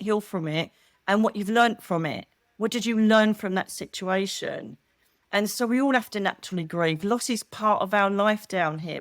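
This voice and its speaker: Middle aged lady chatting away, animated stories, normal pitch, dry close mic. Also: no echo. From United Kingdom. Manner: animated, chatty storytelling with quoted voices. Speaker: guest, psychic medium. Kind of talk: casual chat.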